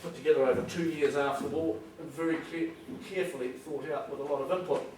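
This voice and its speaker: A man's voice: fairly high pitch, fairly even intonation, fast talker, a little mellow. Man, New Zealand accent, public talk, emphatic, distant mic, noisy background. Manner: emphatic, plain-spoken, acts out phone calls. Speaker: public speaker. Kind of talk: public talk to a live audience. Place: school hall. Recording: echoey hall recorded from a distance with background noise.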